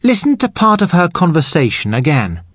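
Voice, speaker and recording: A man speaking as an English teacher, giving a scripted lesson in a slow, clear way. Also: on the high side, huge pitch swings, fairly bright tone.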